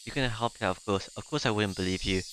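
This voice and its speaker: A man voicing a frightened, anxious schoolgirl, speaking softly and haltingly. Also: fairly low pitch, slight background noise, lightly acted, rough recording. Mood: uneasy.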